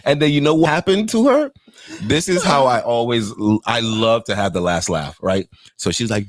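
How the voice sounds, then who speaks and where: A man's voice: medium pitch, animated, no echo. A man from Nigeria co-hosting a casual podcast chat, joking and laughing as he tells stories. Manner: joking, quick to laugh, playful storyteller. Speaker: podcast co-host.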